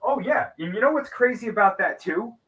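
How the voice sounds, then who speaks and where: A man casually discussing a movie on a podcast, with a measured manner and frequent restarts. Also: high-pitched, animated, a crowd in the background. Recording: distant from the mic.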